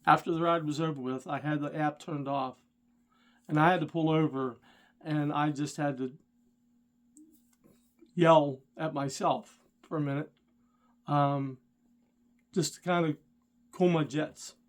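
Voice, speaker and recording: A middle-aged man with a somewhat high voice tells a story from his driving days in a casual vlog. He talks straight to the viewer and gets worked up and indignant as he goes. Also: fairly even intonation, unhurried, pauses often. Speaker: rideshare driver and channel host.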